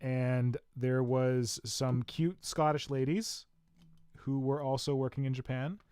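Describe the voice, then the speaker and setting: A man's voice: medium pitch, fairly even intonation, slow pace, darkish tone, smooth, no room sound, studio quality. A man hosting a podcast in casual chat, telling stories about himself with a chatty, self-mocking manner. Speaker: podcast host.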